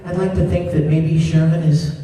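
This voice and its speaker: Lively higher-voiced guy telling stories onstage, far off mic, big echoey hall, crowd laughing. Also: moderate pace, noisy background. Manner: animated, laughing storyteller. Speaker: voice actor at a convention panel. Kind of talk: convention Q&A storytelling. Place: large convention hall with audience. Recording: distant fan recording in echoey hall.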